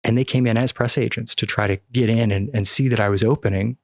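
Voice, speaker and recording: A middle-aged man from the American Midwest, guest on a podcast interview, telling a story with animated acted-out dialogue. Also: on the low side, fast, creaky, no room sound, studio quality. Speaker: podcast guest, cannabis activist.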